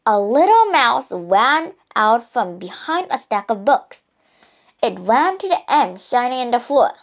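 A woman narrating a children's storybook in a slow, expressive reading voice. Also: on the high side.

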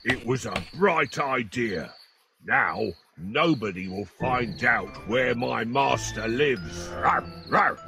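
A faithful magic dog in a storybook cartoon, earnest and slow-spoken with a gravelly growl. Music plays behind him. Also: male voice, mid-range voice, animated. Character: loyal magic dog helping his master.

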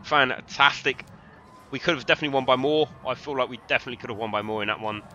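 A young man from London with a London English accent, chatting excitably to viewers and swearing freely while commentating his own football game. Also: medium pitch, fast, muffled recording, faint music behind. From London, England. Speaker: gaming streamer. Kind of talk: live gameplay commentary.

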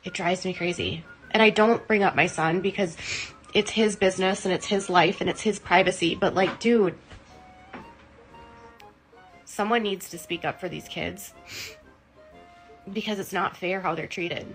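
A woman's voice: lowish voice, steady tone, unhurried, pauses often, faint music behind, low-quality recording. An emotional woman hosting a livestream, talking in an impassioned, indignant, rambling way with fillers. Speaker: livestream host.

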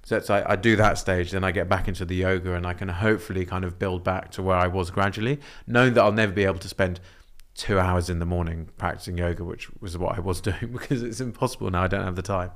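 A young man with a very low voice chats as a podcast guest. He talks in a relaxed, reflective manner, his phrasing loose and wandering. His pitch sits deep below most men. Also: fast, hardly any pauses. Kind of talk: casual conversation.

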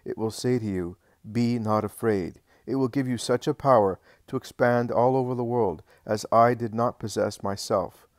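A man reading the lines of Jesus as a calm, patient male teacher in a religious audiobook. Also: medium pitch, dry recording, studio quality, close to an everyday voice. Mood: gently instructive. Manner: measured, patient, reassuring.

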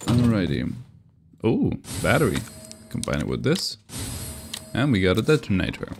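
A man's voice: lowish voice, huge pitch swings, moderate pace, vocal fry, soft background music. A man giving casual, joking commentary while playing a survival horror game and talking back at the characters on screen. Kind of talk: casual let's-play commentary.

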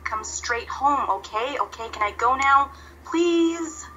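A woman's voice: sits high, lively intonation, takes it slowly, bright, forceful tone, muffled recording, a little hiss or hum, voice pushed up, full character voice. A woman voicing a playful, restless young lioness cub who whines impatiently.

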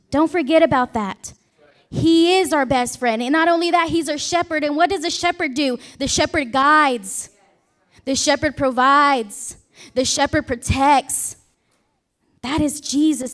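A woman pastor preaching a Sunday sermon in a chatty way, asking the congregation questions and joking aside. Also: high-pitched. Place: church sanctuary.

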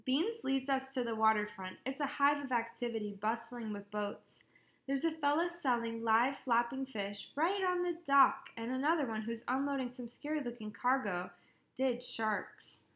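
A woman's voice: a little high, normal speed. Woman reading an audiobook in an echoey room. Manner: wry, lively storytelling. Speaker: audiobook narrator. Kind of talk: scripted first-person narration.

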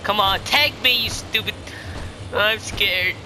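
A man's voice: high voice, slow pace. A man giving panicky live gameplay commentary, yelping and repeating words as he plays. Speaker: gaming YouTuber. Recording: loud game noise behind the voice.

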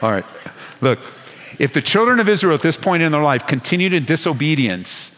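A man preaching as a pastor at a Bible study, moving between hushed, intimate lines and loud, urgent exhortation, with playful asides. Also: a little high, sing-song, brisk, long reverb tail, a little hiss or hum. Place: church sanctuary.

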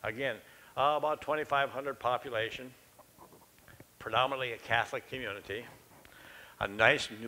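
A man's voice: medium pitch, sharp tone, poor audio. An older man preaching a sermon in a church, telling a personal story in a folksy, conversational and self-deprecating way.

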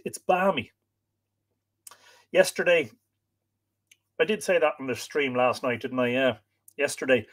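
Irish male stream host, slightly higher voice, easygoing chat, reads viewer names aloud and trips on a few. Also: a bit bright. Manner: friendly, chatty, stumbles over names. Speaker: livestream host. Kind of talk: casual chat, greeting viewers.

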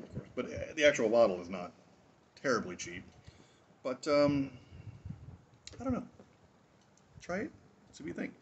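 A man's voice: mid-range voice, slight background noise. Rambling, jokey man hosting a tasting. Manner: rambling and jokey, with asides and chuckles. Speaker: host of a drinks review show. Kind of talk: casual tasting review.

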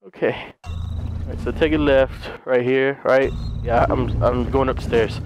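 A man playing a horror game and commenting live, swearing, shouting in panic, repeating himself and laughing. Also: medium pitch, fairly even intonation, unhurried, noisy background. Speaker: let's play gamer. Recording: loud game music and effects behind.

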